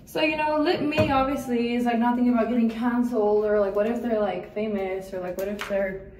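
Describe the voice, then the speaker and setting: A woman's voice: on the high side, steady tone, a little fast, a little mellow, reverberant, distant mic, a little hiss or hum, poor audio. A woman in her twenties from El Paso, telling a story in a casual, chatty way while doing her makeup, and swearing freely. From El Paso, Texas. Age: 20s. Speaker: vlogger. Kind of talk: casual get-ready-with-me storytelling.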